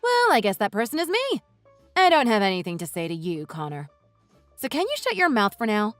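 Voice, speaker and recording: A woman's voice: on the high side, huge pitch swings, brisk, dry recording, soft background music. A woman voicing a sarcastic, furious wife. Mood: scornful. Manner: sharp, sarcastic, cutting. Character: furious wife confronting her in-laws. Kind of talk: voiced text-message story.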